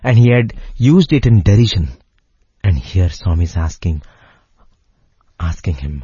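A man narrating a devotional story in a measured way, pausing phrase by phrase. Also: deep voice, animated, warm tone, slightly rough, dry recording, dull audio.

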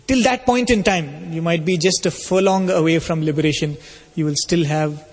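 Husky man telling a spiritual story. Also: on the high side. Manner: measured, explanatory. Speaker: spiritual speaker. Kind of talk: storytelling sermon. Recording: long hall reverb.

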